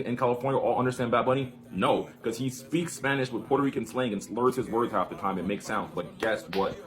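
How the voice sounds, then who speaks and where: A man giving a mocking, lecturing opinion commentary. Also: on the low side. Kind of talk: opinion video.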